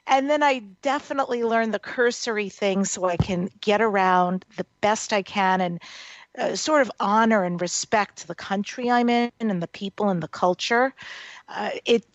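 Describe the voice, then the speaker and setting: A woman hosting an interview show, lively and quick to laugh as she chats with her guest. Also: medium pitch, no room sound. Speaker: radio show host. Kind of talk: casual interview talk. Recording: dry, slightly dull audio.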